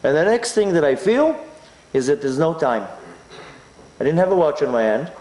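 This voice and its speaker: Animated man, high lively voice. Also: moderate pace, echoey room. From Israel. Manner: animated, acts out his inner voice. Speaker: speaker. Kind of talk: personal story told as a talk.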